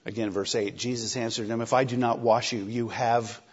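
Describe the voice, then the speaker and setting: Husky conversational male preacher. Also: mid-range voice, moderate pace, lo-fi sound. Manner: animated, conversational, acts out quoted lines. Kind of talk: sermon.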